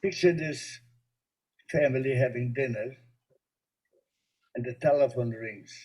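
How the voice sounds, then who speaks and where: A man who is a rabbi, giving a spiritual teaching talk that he fills with stories and gentle humor. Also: mid-range voice, unhurried, poor audio. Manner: storytelling, gently humorous, warmly explanatory.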